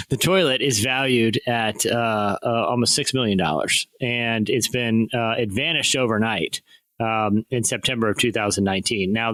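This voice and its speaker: Male podcast co-host, mid-pitched, rambling storyteller, dry close mic. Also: no room sound. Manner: rambling, laughing storyteller, pitch jumping when excited. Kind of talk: casual chat, reading news stories.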